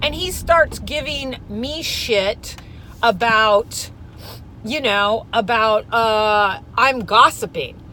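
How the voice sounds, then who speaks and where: A woman ranting casually, swearing freely and telling a story with loud quoted outbursts. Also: a little high, takes it slowly, slight background noise, low-quality recording. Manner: profane, animated storytelling with shouted outbursts. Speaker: vlogger. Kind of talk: casual rant.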